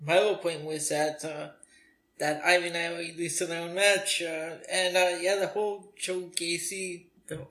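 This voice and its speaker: Man, high and bright voice, measured co-host, roomy echo. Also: level tone. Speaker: podcast co-host. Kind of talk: casual wrestling chat.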